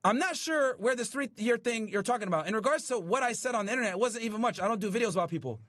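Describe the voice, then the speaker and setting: A man hosting a streaming show, talking casually to his live chat and retelling a story in an animated, profane, incredulous way. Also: sits high, fast talker, no room sound, clean studio sound.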